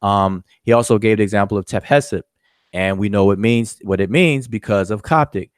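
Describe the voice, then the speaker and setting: A man's voice: lowish voice, normal speed, smooth, dry recording, studio quality. A man giving an informal spoken recap of a lecture, explaining step by step with frequent fillers. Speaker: lecturer summarizing a discussion.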